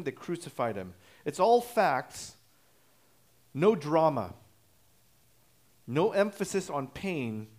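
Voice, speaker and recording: Man preaching a measured expository sermon. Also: on the high side. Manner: measured teaching tone, explains word origins with frequent "uh" restarts. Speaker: pastor.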